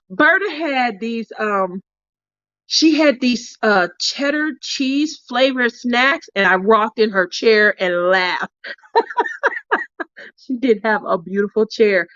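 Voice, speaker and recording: A woman's voice: slow pace, pauses often, no room sound, highs cut off. A woman craft vlogger telling a story casually to her viewers, acting out the dialogue with big jumps in voice and frequent laughter. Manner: animated, acts out dialogue with big pitch jumps, laughs often. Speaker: craft channel host.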